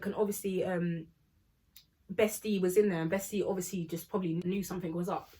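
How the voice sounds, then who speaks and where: A woman's voice: lowish voice, fairly quick, slightly rough. A young woman tells a story casually and animatedly, acting out the people in it. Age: young adult. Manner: animated, acts out quoted people. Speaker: storytime vlogger.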